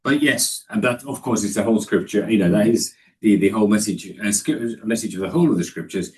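A man's voice: fairly low pitch, fairly quick. A man giving a discursive, explanatory Bible study lesson, with the voice recorded from a distance. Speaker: Bible teacher.

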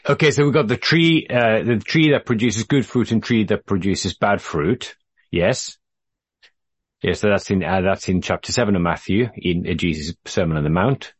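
A man leading a group Bible study, patient and measured, with frequent fillers and restarts. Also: on the low side, breathy edge, no echo.

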